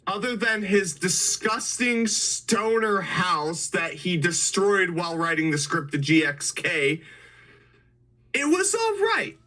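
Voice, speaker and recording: A man's voice: high voice, slow pace, few pauses, sharp tone. A man reviewing horror movies in a crude, joking, riled-up casual chat. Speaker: podcast co-host.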